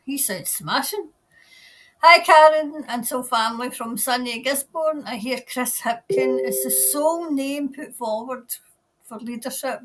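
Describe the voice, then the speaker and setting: A woman's voice: high-pitched, unhurried, fairly bright tone. A woman with a Scottish accent hosting a casual livestream, reading viewer comments aloud and greeting people by name. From Scotland. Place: New Zealand.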